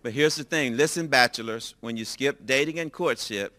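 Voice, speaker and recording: An older man preaching, telling a personal story in a lively way and acting out the dialogue. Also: mid-range voice, moderate pace. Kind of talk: storytelling sermon.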